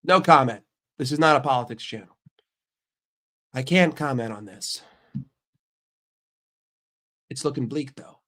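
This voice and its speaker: A man's voice: medium pitch, unhurried, pauses often, fairly bright tone. American guy, stuffy from a cold, casual stream chat, brash, swearing, mock outrage. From United States. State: sick with a stuffy nose.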